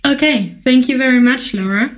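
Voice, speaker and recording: A woman's voice: high voice, normal speed, muffled recording. A woman hosting a podcast, formally reading introductions and questions to her guest. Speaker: podcast host. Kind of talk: interview hosting.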